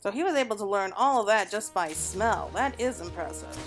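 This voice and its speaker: A woman's voice: mid-range voice, expressive, fairly quick, faint music behind. A woman playing through a role-playing game and commenting on it in a chatty, wry way. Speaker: gamer.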